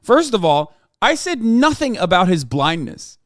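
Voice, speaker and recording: Guy streamer ranting about the news, sweary and blunt, high voice, dry close sound. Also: sing-song, a little slow, no echo. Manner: blunt, profane, argumentative. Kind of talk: casual reaction commentary.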